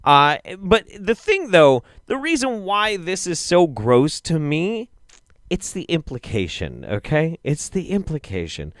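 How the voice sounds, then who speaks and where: A young man hosting a comedic video roundup, reacting with profane, exasperated commentary that swings between low mutters and loud outbursts. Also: big pitch swings, a little slow, no echo, studio quality. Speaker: show host.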